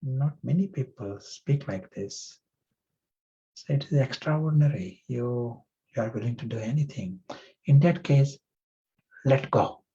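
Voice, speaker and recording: God as a calm, commanding deity who gives firm orders, played by a male teacher telling a parable. His voice is dark and husky with a slightly raised pitch. The slow delivery sounds muffled and lo-fi.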